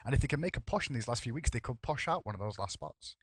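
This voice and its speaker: A man's voice: medium pitch, animated, fast, breathy edge, no echo. A man casting a live esports match, joking and bantering with his co-caster between calls. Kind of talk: live esports play-by-play commentary.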